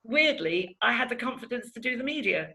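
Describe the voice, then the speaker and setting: Middle-aged woman, bright forceful voice, frank emotional testimony, mimics people she quotes. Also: fairly high pitch, fairly quick, vocal fry, low-quality recording. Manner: candid and animated, acts out past conversations. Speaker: interviewee giving a testimonial.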